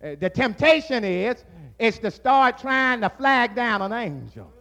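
A man preaching a sermon, building to shouted, drawn-out phrases. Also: extremely high pitch, big pitch swings.

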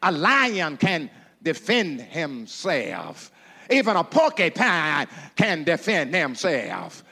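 A pastor delivering a sermon, calling out questions to the congregation and repeating phrases in a rhythmic preaching style. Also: male voice, a little high, huge pitch swings, slow, creaky, bright, forceful tone, slightly rough, long reverb tail. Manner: call-and-response preaching with rhythmic repetition.

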